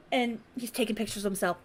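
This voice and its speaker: A woman's voice: fairly high pitch, normal speed, a little hiss or hum. A woman hosting a casual podcast, telling a story bluntly and profanely, acting out the voices of the people in it. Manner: animated storyteller who acts out quoted voices. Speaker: podcast host.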